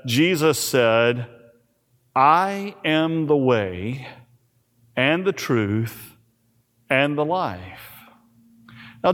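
A man pastor preaching a sermon, slow and emphatic, with dramatic pauses on key words. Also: on the high side. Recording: reverberant church hall.

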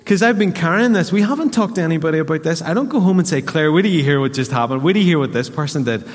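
A man's voice: fairly high pitch, very fast, few pauses. A man with a Northern Irish accent, a pastor preaching a sermon and telling a story while acting out the voices in it. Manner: storytelling, animated quoting of voices. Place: church hall. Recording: reverberant church hall.

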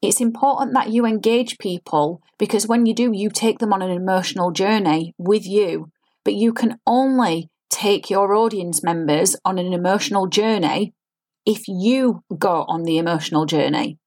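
A woman's voice: medium pitch, normal speed, darkish tone. A woman, an acting coach giving an earnest, explanatory spoken lesson and demonstrating line readings.

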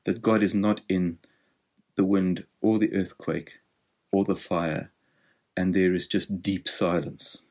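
Male preacher, lower register, reflective expository sermon delivery. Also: fairly even intonation, slow pace, darkish tone. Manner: thoughtful, explanatory preaching.

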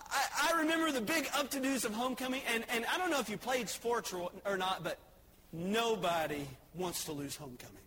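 A male preacher giving a sermon, telling stories and jokes, swinging between soft asides and shouted lines. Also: extremely high pitch, slight background noise.

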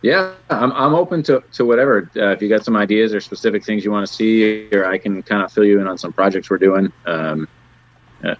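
A man who builds custom motorcycles speaks as a guest in a halting, modest, rambling way. His voice is somewhat low. The sound is dry and dull, like lo-fi remote audio. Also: no room sound. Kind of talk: casual interview chat.

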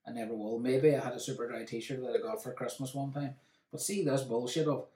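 A man's voice: medium pitch, steady tone, brisk, warm tone, reverberant, far from the mic. A man with a Northern Irish accent, co-hosting a casual podcast with his wife at home, dry and joking as he banters back. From Northern Ireland. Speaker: podcast co-host. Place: home kitchen.

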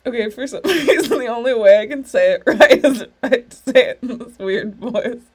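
A woman's voice: fairly high pitch, normal speed, slightly rough. A woman hosting a podcast, talking casually and laughing through her words, with plenty of swearing. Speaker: podcast host. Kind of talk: casual comedic monologue.

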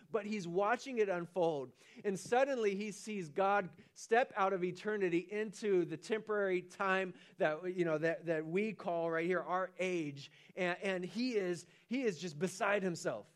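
A man preaching a sermon as pastor, animated, often restarting and repeating his words. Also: high voice. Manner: animated, acts out the angel's lines with rising excitement.

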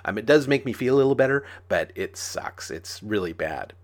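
A man's voice: fairly low pitch, animated, normal speed. A man casually telling folk tales, chatty and full of fillers, acting out sound effects as he goes. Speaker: storyteller.

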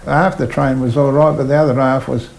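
A man's voice: medium pitch, a little fast, gravelly, a little hiss or hum, poor audio. An older Australian man, a retired train driver, telling stories in an oral history interview and voicing the people in them. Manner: animated yarn-spinner, voices people in his stories.

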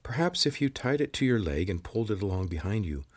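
Brief: male narrator doing a polite nonhuman cave guide, formal and stiff, raised a few notes above a low husky voice. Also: very animated, fast. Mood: formal, earnest. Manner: formal, stiff, calls him sir. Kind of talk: audiobook character voice.

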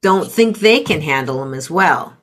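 A middle-aged woman coaching parents in conversation, calmly explaining with example phrases. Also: sits low, normal speed. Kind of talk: conversational teaching.

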